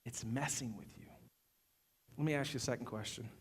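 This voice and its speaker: Preaching fairly quickly, a middle-aged pastor with a medium-pitched voice keeps his sermon conversational, full of fillers and repetition. Loud, fervent stretches give way to quiet, intimate moments, and a little hiss or hum sits under the audio.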